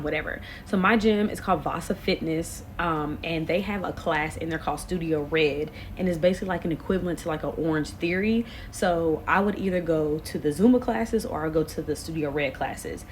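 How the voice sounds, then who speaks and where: A woman in her late twenties telling a storytime to camera, animated and expressive, full of slang. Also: sits low, brisk, hardly any pauses, a little hiss or hum. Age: late 20s. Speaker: vlogger. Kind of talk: casual storytime.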